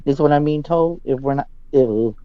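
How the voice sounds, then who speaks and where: A male psychic giving a dramatic live reading over a video call. He often drops into low, hushed asides. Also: fairly quick, clean tone, no echo, lo-fi sound.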